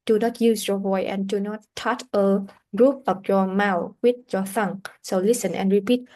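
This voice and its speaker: A woman teaching English pronunciation in a classroom lesson, explaining deliberately and often restarting her sentences. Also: mid-range voice, fairly even intonation, warm tone.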